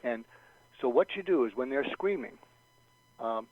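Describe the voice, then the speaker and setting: A man's voice: medium pitch, a little slow, dry recording. A man as guest expert in an interview, explaining techniques and acting out example phrases with many restarts. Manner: animated, acts out example phrases, frequent restarts. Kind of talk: interview advice. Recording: dull lo-fi dry sound.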